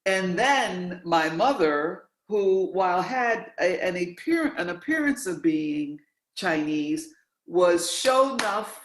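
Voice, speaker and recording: Animated host in an echoey room. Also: mid-range voice, slow pace. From New York, USA. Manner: animated, emphatic storyteller, repeats words. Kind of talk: interview, conversational. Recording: roomy, echoey sound.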